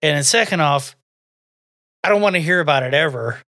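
A man co-hosts a podcast in relaxed, crude banter. He swears constantly and breaks into laughter at his own jokes. The sound is close and dry with no room around it. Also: on the high side, brisk, dry recording. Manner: profane, joking, laughs often. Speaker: podcast co-host.

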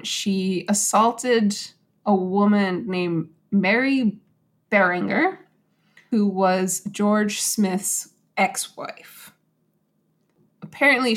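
A woman casually retelling a true story to a co-host, animated and acting out quotes in little voices. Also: medium pitch. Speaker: podcast host.

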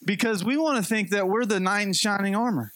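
A man's voice: high voice, a little fast, fairly bright tone. A man preaching a sermon in a conversational, storytelling way with light humor. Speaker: pastor.

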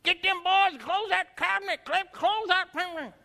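A man's voice: very high voice, normal speed, bright, forceful tone, pitched above the performer's own voice, full character voice. A preacher doing a cranky old grandfather. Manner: gruff, snapping commands. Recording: long church reverb.

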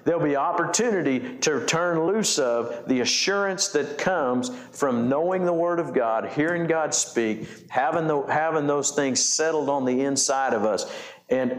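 A man's voice: mid-range voice, reverberant. A man preaching a sermon as pastor, asking the congregation questions and often repeating and restarting his phrases. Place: church.

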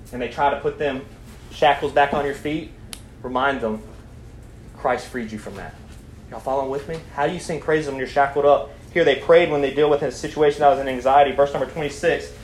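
A young man leading a Bible study, preaching animatedly, asking the group questions and reading scripture aloud. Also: medium pitch. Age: young adult. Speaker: student Bible study leader. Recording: echoey room, faint background noise.

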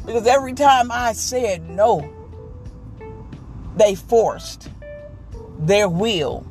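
A woman delivers an inspirational monologue in a preachy, emphatic manner. She speaks candidly and builds rhythm by repeating her phrases. Faint music plays softly behind her. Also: a little high. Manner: candid and confessional. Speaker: motivational speaker.

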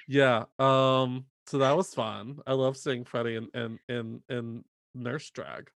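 A man co-hosting a podcast, recapping a film in casual chat and jumping into quick character impressions. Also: mid-range voice, no room sound. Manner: animated, mimics characters in quick bursts. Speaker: podcast co-host.

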